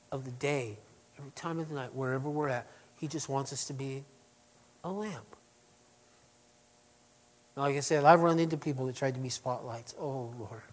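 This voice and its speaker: A man preaching a sermon to his congregation, chatty and full of asides, who swings between loud emphatic passages and quiet, hushed lines. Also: fairly high pitch. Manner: conversational with restarts and asides to the congregation. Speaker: pastor.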